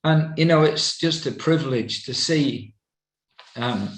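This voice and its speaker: Older guy telling his story real slow, lots of ums, echoey room. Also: medium pitch. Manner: slow, halting storytelling with many fillers. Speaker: evangelist. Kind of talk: personal testimony. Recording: roomy echo.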